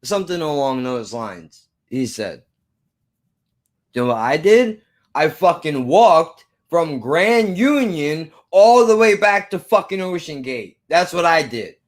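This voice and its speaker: A man's voice: fairly high pitch, a little slow. A fired-up, swearing man telling a story. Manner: animated, swearing, acts out both sides of an argument. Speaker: vlogger telling a personal story. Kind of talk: profane storytelling monologue.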